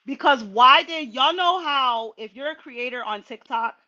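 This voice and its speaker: Woman, casual livestream chat, bright voice, lo-fi dull audio. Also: high-pitched, a little slow. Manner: chatty, animated, laughing asides. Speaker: livestream host.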